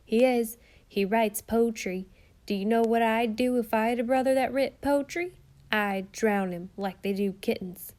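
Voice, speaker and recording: A woman voicing a rough, taunting young boy bully who jeers loudly in a storybook reading. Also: fairly high pitch, a little slow, natural voice. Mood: jeering. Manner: loud jeering.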